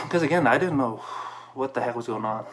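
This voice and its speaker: A man with a medium-pitched voice and moderate pace shares a personal experience. His story is emotional, candid and heartfelt, full of fillers and restarts.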